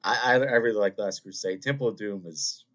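A young man, talking on his own podcast. His voice sits fairly low, and he rambles from one story to the next in an animated, self-mocking way. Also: a little fast. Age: 20s. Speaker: podcast host. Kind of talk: casual solo rambling chat.

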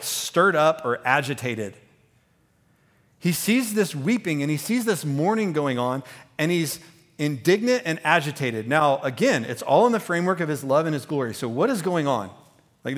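A man preaching a sermon as pastor, talking conversationally with many fillers and restarts, growing animated as he goes. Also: on the high side.

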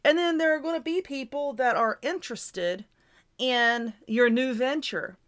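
A woman's voice: high-pitched, a little slow, a bit bright. Chatty woman giving advice. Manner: chatty, repetitive, reassuring. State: stifling hiccups. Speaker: YouTuber and podcast host. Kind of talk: casual advice monologue.

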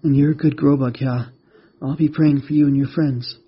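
A man voicing a frightened, excitable little boy in a storybook reading, with high yelps and pleading. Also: moderate pace, husky. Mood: sleepy. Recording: dull lo-fi recording.

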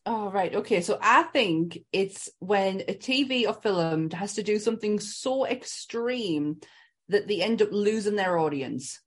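A woman co-hosts a relaxed podcast, laughing easily between lines. She reads her disclaimer in a careful, polished voice. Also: mid-range voice, unhurried, slightly rough. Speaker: podcast co-host. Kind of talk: casual chat.

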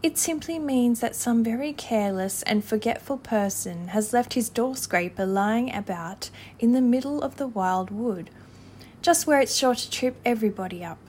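A woman's voice: a little high, lively intonation, moderate pace, darkish tone, slight background noise, natural voice. A woman voicing a peevish, complaining male mole in a storybook reading. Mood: grumbling. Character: fussy, grumbling male mole.

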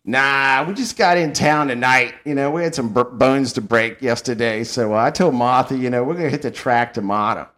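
A man putting on the voice of a gruff older New York bar regular with a New York accent, loose and streetwise. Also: mid-range voice, normal speed, few pauses, a bit bright, natural voice. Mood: easygoing.

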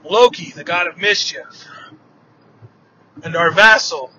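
A man's voice: high voice, heavily acted. A man voicing a proud, boastful male warrior god in a told myth, with a grand, declaiming manner. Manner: grand, declaiming, slow and loud. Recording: dull lo-fi with faint noise.

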